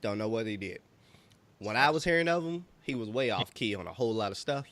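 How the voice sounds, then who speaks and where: A man with a somewhat low voice chats casually as a podcast co-host. He rambles through his stories with plenty of fillers, unhurried and easygoing. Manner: relaxed storytelling, lots of fillers. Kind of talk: casual chat.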